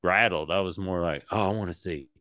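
A man's voice: low voice, a little fast, no echo, studio quality. A man co-hosting a podcast, rambling and swearing in casual chat about comedy shows. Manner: rambling, animated, swears a lot.

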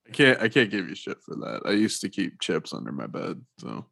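A man hosts a relaxed comedy conversation in a lively voice whose pitch swings around a lot. He talks with a playful, joking edge. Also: a little fast, gravelly. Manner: animated, jokey, drops into mock English voices. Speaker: podcast host. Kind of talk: casual comedic chat.

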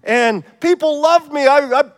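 A man's voice: very high voice, a little slow, voice pushed up. A man voicing an eager, anxious pastor who boasts of his good works in a sermon joke. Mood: boastful, indignant. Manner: earnest, excitable, boastful. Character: eager, anxious male pastor at heaven's gates. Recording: long church reverb.

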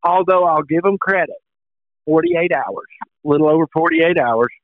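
A man with a slightly high voice talks in a folksy, chuckling storytelling way on a golf chat show. His voice comes through a tinny, phone-like line that sounds dry and close. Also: normal speed, no echo. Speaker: podcast co-host. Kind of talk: casual chat.

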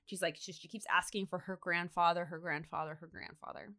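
A woman's voice: on the low side, a little fast. A woman co-hosting a podcast, casually retelling a TV episode and acting out the characters as she goes. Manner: animated storyteller, acts out characters. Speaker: podcast co-host.

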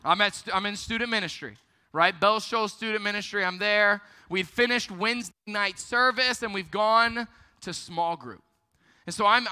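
A young man giving a youth ministry sermon, telling stories about himself in a lively, self-deprecating way. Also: high voice, clear, resonant tone. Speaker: youth pastor. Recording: long hall reverb.

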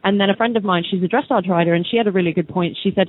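Quick-talking woman on a tinny line. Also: mid-range voice, husky, no room sound. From England. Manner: quick, upbeat, agreeable. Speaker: guest, product maker. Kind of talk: radio interview. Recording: tinny phone-like sound.

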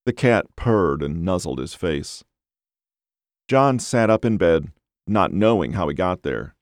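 A man narrating a dark novel as an audiobook, in a measured, unhurried way. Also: low-pitched, lively intonation, no room sound, clean studio sound.

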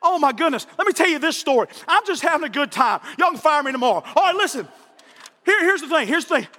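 Pastor guy preaching, really high bright voice, big echoey church. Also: very animated, quick pace. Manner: fervent, repeats words, often raises voice. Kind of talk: sermon. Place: church sanctuary. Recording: reverberant church hall.

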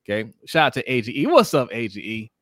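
This fast-talking man co-hosts a sports livestream in a mid-range voice, animatedly reading chat comments aloud, naming each viewer as he greets them, and laughing often. The sound is clean studio quality without echo.

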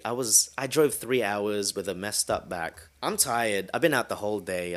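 A man hosting a solo podcast, telling a story in a casual, animated way and swearing freely. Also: on the low side. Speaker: podcast host.

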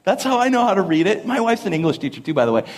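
A young adult man, a pastor, preaching a sermon at a church service, mixing lively family stories and laughter with earnest points. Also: high-pitched, very fast, noisy background. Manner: animated, laughing storyteller who then turns earnest. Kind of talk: sermon with humorous storytelling.

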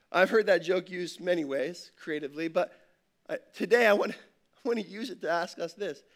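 Male pastor, light high voice, conversational sermon delivery with rhetorical questions. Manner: conversational preaching, tells a joke with rhetorical questions. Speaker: campus pastor.

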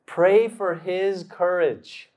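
With a high voice, a preacher relates a personal story in his sermon slowly and theatrically, performing quotations and suddenly bursting out loudly.

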